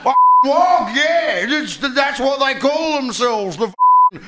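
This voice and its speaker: A comic doing a crude shouting Aussie bloke. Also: male voice, extremely high pitch, wildly swooping pitch, slow, reverberant, pitched above the performer's own voice, exaggerated voice. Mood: ranting. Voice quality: shouty, swearing. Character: crude loudmouthed man ranting about wogs. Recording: live stand-up with loud crowd noise.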